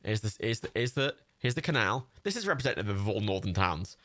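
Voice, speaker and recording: Lively, chatty male game streamer. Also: lowish voice, fast talker. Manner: chatty and self-mocking, swears freely. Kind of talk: casual livestream gaming commentary.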